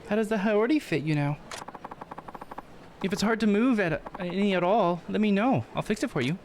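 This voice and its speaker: A man voicing an attentive female tailor in a video game, reading her lines in a high, gentle, solicitous voice over game music. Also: animated, normal speed, a little hiss or hum. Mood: caring. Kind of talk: reading game dialogue aloud.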